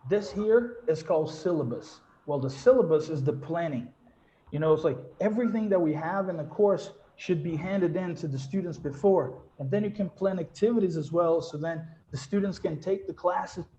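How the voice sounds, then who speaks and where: A man, an English teacher speaking on a panel discussion, telling animated stories. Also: on the high side, fairly quick, reverberant, dull audio. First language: Portuguese. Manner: animated storytelling, acts out quoted voices.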